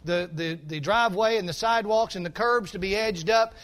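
A man's voice: sits high, fairly quick, a bit bright. A man voicing a stern, strict middle-aged father who gives firm, clipped commands as he retells a story in a sermon. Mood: instructing.

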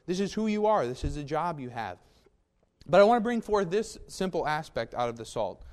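A man preaching with a voice pitched a little above most men's. His delivery is folksy and emphatic, and he keeps turning to the congregation with quick asides. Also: very animated, a little mellow. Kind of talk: sermon.

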